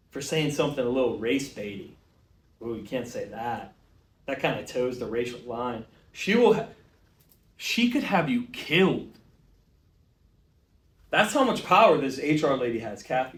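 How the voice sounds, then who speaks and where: A man's voice: mid-range voice, a bit bright. A young man hosting a show, delivering a bombastic, exaggerated comedic rant. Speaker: show host. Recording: roomy, distant mic.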